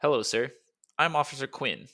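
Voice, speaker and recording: A man's voice: medium pitch, normal speed, sharp tone, voice pushed up. A man voicing a polite, formal male soldier in an audiobook.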